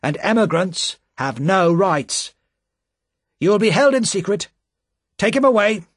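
Man voicing a cold male revolutionary official, rough sharp commands, raised pitch, husky dry voice. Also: sing-song, moderate pace, dry recording, full character voice. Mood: stern.

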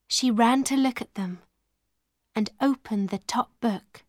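A woman reading a children's storybook aloud in a clear, measured way. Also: on the high side, no room sound, studio quality. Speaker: narrator.

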